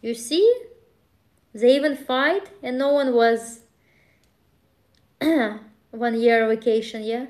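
Slow-talking woman streamer chatting casually. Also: on the high side, a little mellow. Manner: rambling, laughing, with acted outbursts. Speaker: live streamer. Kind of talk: casual chat with viewers.

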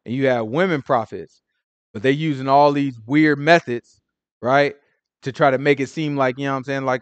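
A man teaching scripture in an informal, emphatic sermon style, swinging from loud declarations to hushed asides. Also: mid-range voice, fairly even intonation, moderate pace, no room sound, muffled recording. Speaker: Bible teacher.

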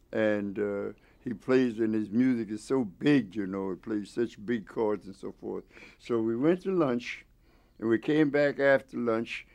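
This nonagenarian tells stories from long ago during an at-home interview, wandering off track, starting over often and chuckling along the way. His voice is on the low side and a little mellow, with the high frequencies cut off.

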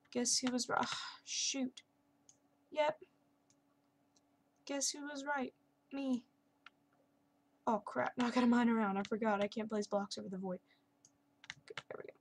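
Keyboard and mouse clicks and slight background noise come through as a young woman chats over her Minecraft session for her gaming channel. Her commentary is casual and sarcastic, with jokes at her own expense. Her voice sits on the high side.

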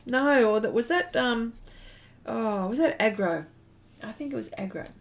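A woman's voice: fairly high pitch, animated, measured pace, slight background noise. A middle-aged Australian woman chatting casually while drawing on a live stream, laughing often and reading chat messages aloud. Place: home studio shed.

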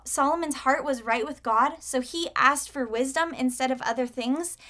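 A woman's voice: sits high, pushed and bright. A woman earnestly summing up a Bible lesson for children at church.

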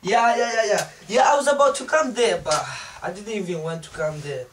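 A man acting a hot-tempered young man who yells, swears and threatens in an amateur comedy film. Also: high voice, brisk, lightly acted. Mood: sweet-talking. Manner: yelling and swearing, then crooning on the phone. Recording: distant mic with faint noise.

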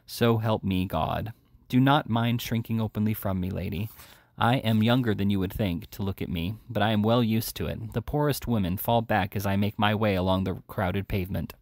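A man's voice: fairly low pitch, normal speed, no echo, clean studio sound, close to an everyday voice. A man reading as a desperate young woman thief. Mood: pleading. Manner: pleading, urgent.

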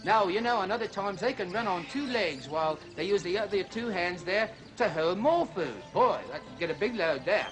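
A chirpy zany zoo host. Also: male voice, high voice, expressive, moderate pace, hardly any pauses, over music. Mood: chirpy lecture. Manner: folksy lecturing, "you see", "mate". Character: zany zoo-show host Bawana Clyde, male.

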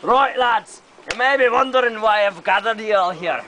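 A man's voice: high voice, a little hiss or hum. A young man doing a rousing Scottish rebel leader. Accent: put-on Scottish. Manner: slow, declaiming, shouting. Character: rousing Scottish leader rallying his men. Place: outdoors on a hillside with a group. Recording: home video outdoors, group chatter behind. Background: group of friends talking.

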